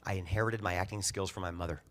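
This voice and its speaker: A middle-aged man giving a humorous eulogy, telling family stories in an animated way and acting out the dialogue. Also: sits low, fast talker. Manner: animated, acts out dialogue, laughs through lines. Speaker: eulogy speaker.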